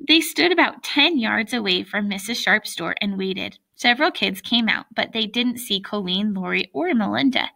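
A woman reading a children's book aloud, with lively, chatty asides to young listeners. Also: medium pitch, normal speed, vocal fry, few pauses. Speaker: reader.

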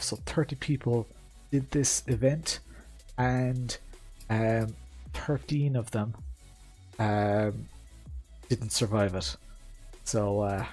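A man with a mellow, medium-pitched voice live-streams a rally sim and commentates on his gameplay. He chats loosely with viewers, rambling and filling his talk with fillers and asides to chat.

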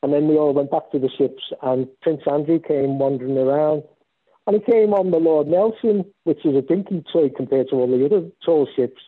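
A man's voice: on the high side, fairly quick. Chatty man on a tinny line. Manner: rambling, animated when storytelling. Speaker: guest speaker. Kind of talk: casual anecdote telling.

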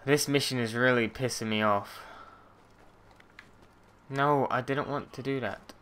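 A man's voice: medium pitch, steady tone, unhurried, background noise. A young man commentating on his gameplay, muttering and swearing at the game in frustration. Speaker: let's play gamer.

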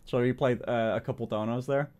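A young man, chatting casually on a stream, excitable and swearing, with lots of "like". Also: mid-range voice, a little fast, smooth.

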